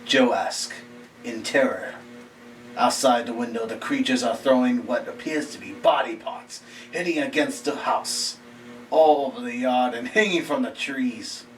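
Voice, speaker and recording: A man reading a scary short story aloud in a slow, halting way, often dropping to a hushed near-whisper. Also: mid-range voice. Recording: distant mic with faint background hiss.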